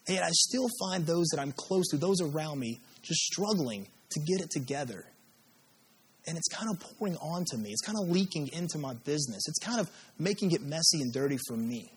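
A man delivers a sermon with a husky, breathy voice pitched a touch high. His delivery is animated and wide-ranging, swinging up and down as he dramatizes prayers and scripture. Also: fairly quick. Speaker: pastor.

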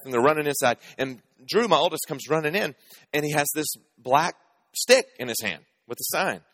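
A man's voice: fairly high pitch, expressive, a little fast, fairly bright tone, no echo. A man in his thirties preaching a sermon, telling family stories in a conversational, humorous way and asking the audience questions. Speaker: pastor.

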